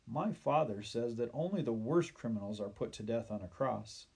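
A young boy tells his friend the latest news in a brisk, eager way, voiced by a male storyteller. The voice stays close to the reader's own, only a touch raised. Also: mid-range voice, lively intonation, vocal fry, a little mellow, slightly rough. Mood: telling news.

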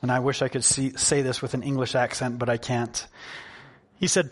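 A man preaching a sermon in an earnest, conversational way, slowing down to stress key points. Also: mid-range voice, little pitch movement, breathy edge. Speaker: pastor.

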